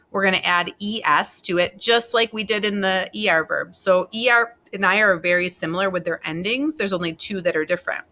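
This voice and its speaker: A woman teacher with a mid-range, sharp-toned voice gives a recorded Spanish class. She patiently explains verb endings step by step, spelling them out letter by letter.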